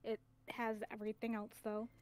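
A woman's voice: fairly high pitch, monotone, brisk. A woman chatting as a guest on a game stream, carefully laying out the details. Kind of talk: casual gaming stream chat.

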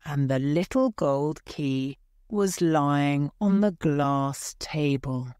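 A woman reads a children's story aloud for English learners, slow and deliberate in her delivery. Her voice sits a little low for a woman. The recording is close and dry. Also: a little mellow, dry recording. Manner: slow, clear, careful reading.

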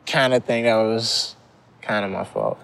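A man casually reminiscing about an old job, laid-back and halting, with laughs. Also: fairly low pitch, steady tone, vocal fry, a bit bright, smooth. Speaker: friend recounting a story.

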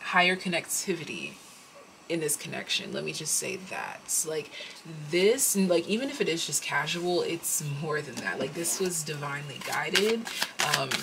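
Low-voiced woman reading tarot, rambling. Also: background noise. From United States. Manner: rambling, thinks aloud with many fillers. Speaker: tarot reader.

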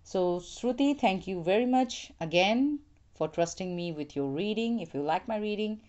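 A young woman reads tarot cards for a viewer in a slow, reassuring manner. Her voice sits slightly low, and she lets words draw out gently as she lays each card down. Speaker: tarot reader. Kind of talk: one-card tarot reading addressed to viewers.

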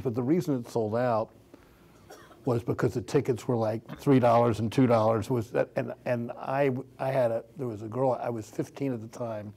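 On a theater stage before an audience, a man in his sixties moderates a Q&A as a panel moderator. His medium-pitched voice is gravelly and darkish, and his questions ramble with restarts and fillers.

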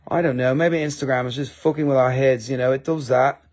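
The speaker is a live-stream crystal seller with an Appalachian American accent who rambles, pokes fun at himself and swears freely in casual sales chat. His medium-pitched voice is husky and darkish, steady in tone and fairly quick.

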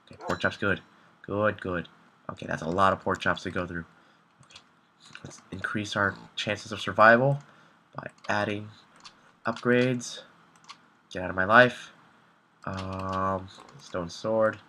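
A young man talks himself through a tense video game, panicking and repeating words in rapid bursts. His voice is low-pitched but bright and forceful. Faint keyboard clicks and a light hiss sit behind him. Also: fairly even intonation. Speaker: gameplay commentator. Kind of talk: live gameplay commentary.

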